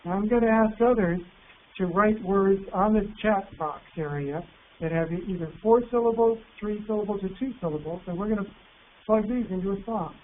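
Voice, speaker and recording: A man presenting an online teacher workshop, patient and encouraging, reading words out slowly. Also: high voice. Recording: tinny phone-like line with faint hiss.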